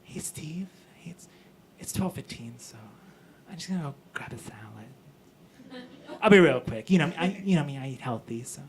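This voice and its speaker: A man on stage playing a fussy female office boss who keeps announcing her small side salad, hushed and breathy, repetitive and self-justifying. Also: fairly high pitch, expressive, quick pace, few pauses, pitched below the performer's own voice, lightly acted. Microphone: stage mic. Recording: live audience laughter.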